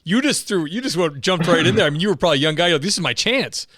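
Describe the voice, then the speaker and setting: A man hosting an interview podcast, chatting casually and reacting quickly. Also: a little high. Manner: relaxed, quick reactions and laughter. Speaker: podcast host.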